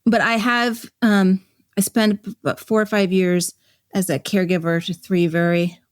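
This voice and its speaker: A woman's voice: mid-range voice, level tone, moderate pace, no echo, clean studio sound. A woman speaking as a guest on an interview podcast, reflective and emotional, often restarting her sentences as she searches for words. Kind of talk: candid conversational interview.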